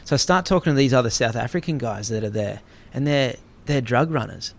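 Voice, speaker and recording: A young Australian man telling a story in casual chat, animated, swearing freely and acting out the people in it. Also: mid-range voice, fairly quick, gravelly.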